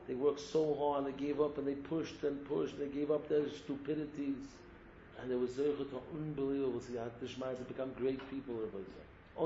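A gravelly-voiced man delivers an impassioned sermon, exhorting his listeners and circling back to a repeated address. His voice sits a little high, with a rough, fried edge. The recording is roomy and dull, with faint noise underneath. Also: dark tone. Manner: exhorting, repeats a refrain of address, mixes Hebrew terms. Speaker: rabbi giving a Torah talk.

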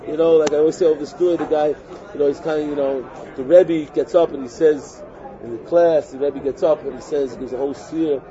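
A man giving an informal Torah talk, animated and repetitive, often acting out what other people say. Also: a little high, a little fast. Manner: animated, repetitive, acts out quotes. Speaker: religious teacher. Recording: muffled recording with crowd noise.

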